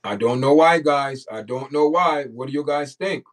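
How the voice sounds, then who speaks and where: A man hosts a casual morning livestream, chatting loosely and repeating lines as he calls out to viewers in the chat. His voice sits at a middle pitch and sounds a little distant, as if he's set back from the mic. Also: moderate pace. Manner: repetitive, talks straight to the chat. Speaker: livestream host.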